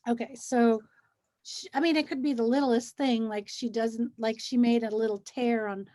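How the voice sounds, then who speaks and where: A woman's voice: on the high side, moderate pace. A woman in casual conversation, telling stories animatedly and acting out the things people say in a soothing or mimicking voice. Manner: animated storyteller, acts out quotes; soothing, gentle when quoting a child. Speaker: co-host. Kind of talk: casual chat.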